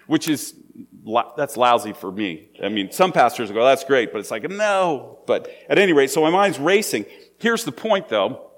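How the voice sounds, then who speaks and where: A man's voice: mid-range voice, animated, normal speed. A man preaching a sermon in a conversational, storytelling way. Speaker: pastor.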